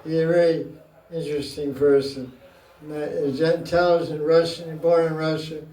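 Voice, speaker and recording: A man's voice: on the high side, flat delivery, unhurried, dark tone. A man gives a scripture class in a slightly raised voice, taking his time with each phrase. He jokes and laughs with his listeners, and his voice comes from some distance away in a roomy hall. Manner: playful, joking, often laughing. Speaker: spiritual teacher. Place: room with an audience. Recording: roomy, mic far off.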